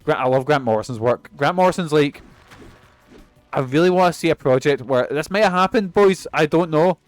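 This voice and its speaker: A man's voice: fairly high pitch, lively intonation, brisk, soft background music. A young man giving rambling, sweary commentary while he plays a game. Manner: rambling and sweary, laughs often. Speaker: streamer. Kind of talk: casual gameplay commentary.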